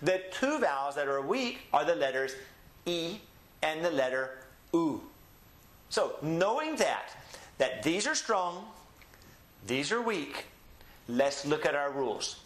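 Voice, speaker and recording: Male teacher, slightly high voice, patient and methodical, roomy echo. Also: very animated, a bit bright. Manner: patient, explains step by step, repeats words slowly. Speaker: Spanish teacher. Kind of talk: recorded language lesson.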